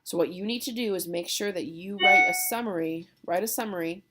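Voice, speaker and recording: A woman's voice: lowish voice, brisk, loud music behind the voice. A young adult woman teacher explaining a play in a casual, chatty lesson, often checking in with "okay?".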